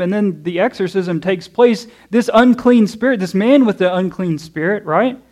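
A man's voice: high voice, normal speed, few pauses, a little mellow. A man preaching a morning sermon in church, walking through a passage and asking the congregation questions. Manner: conversational, checks in with "okay?" and "right?"; asks questions to the audience and answers them. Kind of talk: expository sermon.

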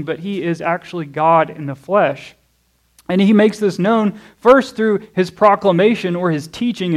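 Preacher, male, higher register, conversational sermon with frequent audience check-ins. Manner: conversational, checks in with "okay?" and "right?"; asks questions to the audience and answers them. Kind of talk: expository sermon. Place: church.

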